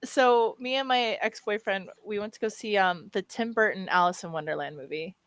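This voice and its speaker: A woman in her thirties co-hosting a podcast, telling a story in a lively, laughing way. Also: mid-range voice, normal speed, no room sound. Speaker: podcast co-host. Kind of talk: casual chat, storytelling.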